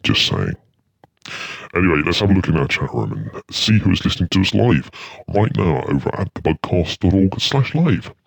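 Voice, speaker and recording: A man's voice: sits low, sing-song, moderate pace, vocal fry, breathy edge, dry recording. A man hosting an internet radio show, chatting casually between tracks in a dry, rambling, self-mocking way. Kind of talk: casual radio chat and music links.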